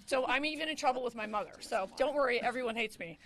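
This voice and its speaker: Brief: woman in her fifties, comedian at a press conference, high voice, wry, self-mocking, nervous. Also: fast talker, fairly bright tone, a little hiss or hum. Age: 50s.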